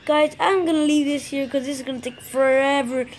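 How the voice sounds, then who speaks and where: A woman casually commenting on her own gameplay, excitable, swearing and yelling when frustrated. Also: sits high, brisk, slight background noise. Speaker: gamer narrating own play.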